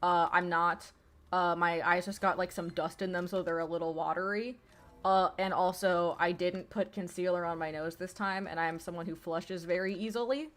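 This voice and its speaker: A woman's voice: on the low side, steady tone, normal speed. A young woman streaming a video game from home, rambling in casual, self-deprecating commentary full of swearing and laughter. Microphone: streaming mic with webcam.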